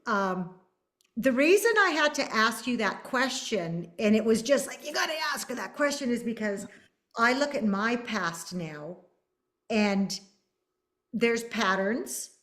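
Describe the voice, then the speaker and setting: A woman hosts a podcast interview in a fairly high voice. She sounds eager and affirming, with a coaching tone and quick asides. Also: animated, fairly bright tone. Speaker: podcast host. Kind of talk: conversational interview.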